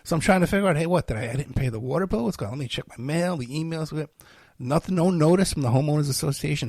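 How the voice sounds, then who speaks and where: Man, podcast host, rambling, self-deprecating, tired and unwell, gravelly voice, dry close sound. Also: on the high side, no room sound. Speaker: podcast host and private investigator. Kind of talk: rambling solo podcast talk.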